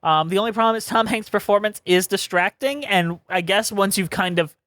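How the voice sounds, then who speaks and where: A young man with a fairly high voice co-hosts a casual podcast, laughing easily as he chats with his friend. He is recorded dry and close, with no room sound around him. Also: a bit bright, dry recording. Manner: laughs often, rapid-fire sign-off plugs. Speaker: podcast co-host. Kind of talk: casual chat.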